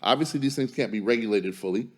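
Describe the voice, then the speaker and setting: A man co-hosting a podcast in casual chat, giving measured advice with steady emphasis. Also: medium pitch. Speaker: podcast co-host.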